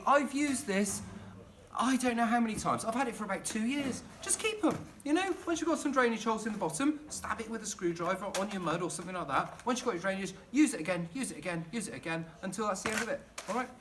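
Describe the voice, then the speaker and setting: A man's voice: sits high, animated, a little fast, fairly bright tone, a little hiss or hum. A middle-aged man chatting and rambling enthusiastically while demonstrating gardening at home in his kitchen. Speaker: gardening vlogger.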